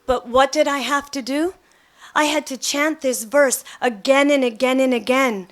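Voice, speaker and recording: A woman's voice: high-pitched, moderate pace. A middle-aged woman giving a devotional talk, telling personal stories and acting out the quotes. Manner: animated storytelling, acts out quotes. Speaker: devotional speaker.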